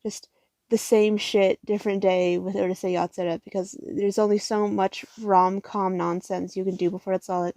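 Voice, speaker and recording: A woman's voice: medium pitch, little pitch movement, normal speed, mellow, no echo. Tired, profane young woman rambling about manga. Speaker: manga haul vlogger. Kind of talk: casual haul vlog.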